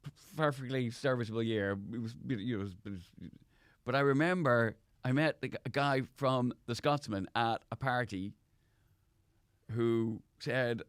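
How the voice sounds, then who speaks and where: A man's voice: mid-range voice, moderate pace, clear, resonant tone, no room sound, clean studio sound. A man, a comedian guest, telling rambling anecdotes with lots of restarts in a casual chat.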